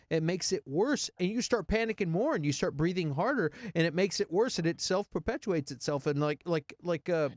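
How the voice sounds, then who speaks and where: A man co-hosting a podcast in casual chat, telling stories in a rambling, animated way with many restarts. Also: high voice, brisk, few pauses, no echo, studio quality. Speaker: podcast co-host.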